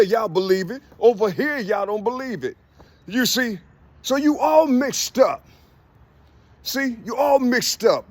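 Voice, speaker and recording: A man's voice: high voice, husky, no room sound. A man giving a loose spiritual monologue, preachy and slangy, with "you see" in nearly every line.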